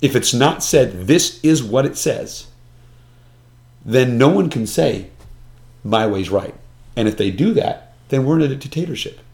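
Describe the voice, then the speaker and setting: A man's voice: mid-range voice, animated, measured pace, pauses often, a little mellow. A man in casual discussion, earnest and emphatic, often restarting his sentences with repeated words. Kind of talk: conversational discussion.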